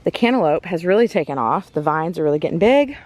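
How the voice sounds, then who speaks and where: A woman's voice: lowish voice, expressive, quick pace, darkish tone, slight background noise. A woman giving a casual tour of her garden, chatty and rambling, with ums and self-corrections, a little out of breath. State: out of breath from walking fast. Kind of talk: casual walking tour chat. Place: outdoors in a garden.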